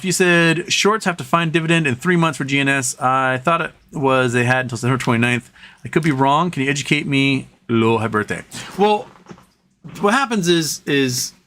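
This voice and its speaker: A man's voice: moderate pace, pushed and bright. A man hosting a casual livestream from home, rambling between topics and reading out viewer comments. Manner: rambling, talks to his dog in a high coaxing voice. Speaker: livestream host. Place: home during a thunderstorm.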